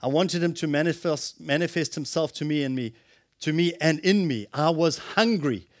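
A man preaching a sermon, impassioned, swinging from loud exclamations to hushed, earnest tones. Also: fairly high pitch, normal speed.

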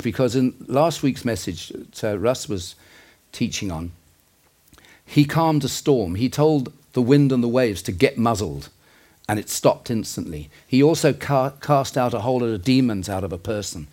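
A man's voice: medium pitch, animated, moderate pace, a little mellow. A man preaching a sermon in an earnest, conversational way, with asides and self-corrections.

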